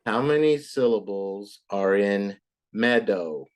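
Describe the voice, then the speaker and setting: A woman tutoring a child in English, patient and encouraging, repeating words slowly to model them. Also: extremely low pitch, expressive. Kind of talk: online tutoring lesson.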